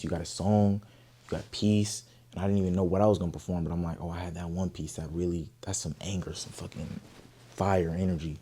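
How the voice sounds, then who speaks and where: A young man from Oakland, telling a story in an interview, animated, profane and emphatic. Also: low voice. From Oakland, California. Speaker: guest artist.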